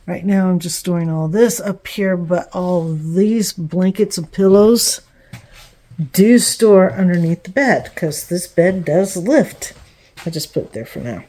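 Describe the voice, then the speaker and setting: Walking indoors through the bedroom and bathroom of her small new place, a woman vlogs a relaxed home tour, chatting and rambling with filler words and little laughs. She speaks at a measured pace in a fairly low, dark-toned voice.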